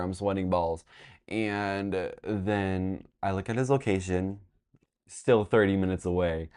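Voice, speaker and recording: A man's voice: low voice, normal speed, darkish tone, clear, resonant tone. A young man telling a storytime vlog in a rambling, exasperated way, swearing as he goes. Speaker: vlogger.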